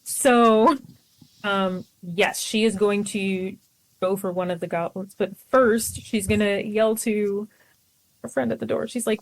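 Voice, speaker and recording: Female player, mid-pitched, chatty, eager. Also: fairly even intonation, measured pace, poor audio. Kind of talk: casual tabletop game play.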